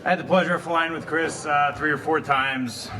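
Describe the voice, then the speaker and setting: A man who is an airline pilot gives an unprepared eulogy for a fellow pilot, halting and pausing with uhs. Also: fairly high pitch, steady tone, noisy background. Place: memorial gathering.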